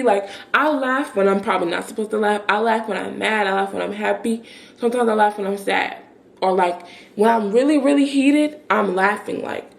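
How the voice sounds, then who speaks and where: Young woman vlogger, gravelly storytime chat. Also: fairly high pitch. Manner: chatty, animated retelling with many fillers and quoted dialogue. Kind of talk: casual storytime.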